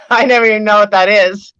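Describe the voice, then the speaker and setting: A woman's voice: medium pitch, fairly even intonation, a little fast, a bit bright, smooth, dry recording. A woman hosting a live stream, chatting casually and laughing often. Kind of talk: casual chat. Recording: dull lo-fi dry sound.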